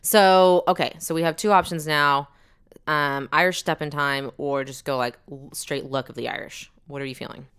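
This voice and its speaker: A Texan woman co-hosting a podcast in casual, excitable chat, often trailing off mid-sentence. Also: low voice, moderate pace, clean tone. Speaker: podcast co-host.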